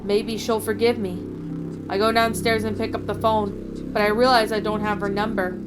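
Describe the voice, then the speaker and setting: Lady reading a creepy story out loud, dramatic, middle pitch, music playing clear behind her. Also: flat delivery, moderate pace. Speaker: horror story narrator and channel host. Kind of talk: first-person horror story narration. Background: background music.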